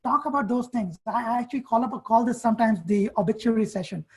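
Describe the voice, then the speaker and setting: A woman's voice: on the high side, fast talker, darkish tone, poor audio. A woman coaching students on college essays in an online workshop, speaking directly and firing off questions and commands.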